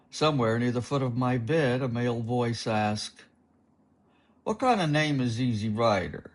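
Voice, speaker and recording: A man narrating a first-person novel as an audiobook, in a slow, wry and expressive reading. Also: on the low side, slightly rough.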